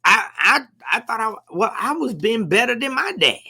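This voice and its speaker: A man's voice: very high voice, big pitch swings, moderate pace, vocal fry, sharp tone, slightly rough. A man co-hosting a conversation, talking emphatically and asking leading questions. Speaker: podcast co-host. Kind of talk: casual conversation.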